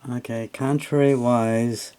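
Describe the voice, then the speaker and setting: A man's voice: medium pitch, steady tone, slow, dark tone, clear, resonant tone. A man tutoring English, reading a text aloud and explaining it in a patient, plainspoken way with frequent fillers.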